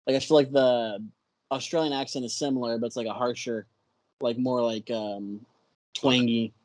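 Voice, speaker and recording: A podcast guest with a Texan accent talks casually in a mid-pitched voice. He hesitates and gropes for the right words as he goes. The recording is dry and close. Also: steady tone, normal speed, a little mellow, no room sound. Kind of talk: casual chat.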